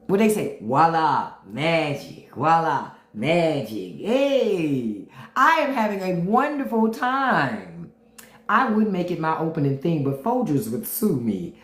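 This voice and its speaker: A woman's voice: a little high, echoey room. A woman hosting a casual livestream, talking bluntly and profanely and answering viewer comments. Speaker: livestream host.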